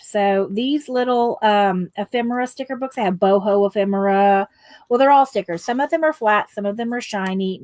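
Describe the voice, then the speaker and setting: A woman's voice: mid-range voice, a little mellow. A woman chatting casually on a craft livestream, rambling with lots of ums and asides to her viewers.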